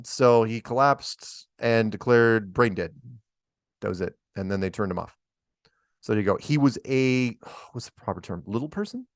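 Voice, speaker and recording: A man's voice: fairly low pitch, normal speed, no room sound, clean studio sound. A man hosting a casual livestream chat, telling stories in a rambling way with chuckles, restarts and mild swearing. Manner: swears mildly, drawls "man" and "right?". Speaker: host.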